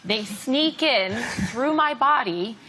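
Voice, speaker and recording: A woman's voice: high-pitched, lively intonation, takes it slowly. A woman on a comedy panel, making playful, teasing jokes. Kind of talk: comedy panel show banter. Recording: noisy studio with loud audience.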